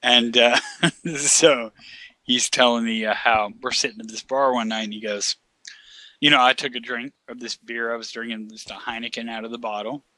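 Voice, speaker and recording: A man's voice: medium pitch, fairly even intonation, normal speed, bright, forceful tone, no echo. A man telling a long, profane anecdote in casual chat, laughing often as he goes.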